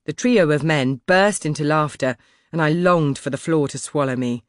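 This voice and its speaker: A man reading a first-person historical audiobook in a measured, expressive storytelling manner, close to the microphone. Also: fairly high pitch, dry recording. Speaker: audiobook narrator. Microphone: close studio mic.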